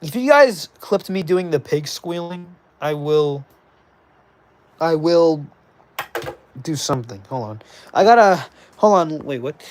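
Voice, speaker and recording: A man streaming live, chatting casually with his viewers and reading their messages aloud in animated bursts. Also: on the high side. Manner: animated, reads chat aloud, excitable bursts. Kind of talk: casual livestream chat.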